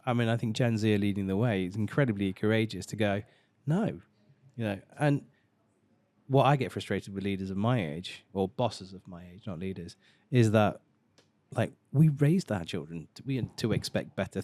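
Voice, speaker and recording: Encouraging middle-aged man, lowish voice. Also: normal speed, darkish tone, dry recording. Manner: encouraging, leads the conversation. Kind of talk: casual discussion.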